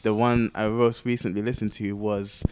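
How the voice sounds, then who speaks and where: A man co-hosting a podcast in casual chat, lively and joking, often laughing at himself. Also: lowish voice, noisy background. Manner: animated, jokey, quick to laugh. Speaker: podcast co-host.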